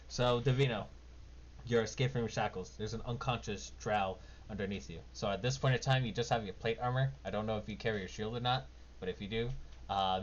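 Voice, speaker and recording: Low-voiced casual game master. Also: male voice. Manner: casual, rambling, with many fillers. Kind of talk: narrating a tabletop game. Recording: dull lo-fi mic with faint noise.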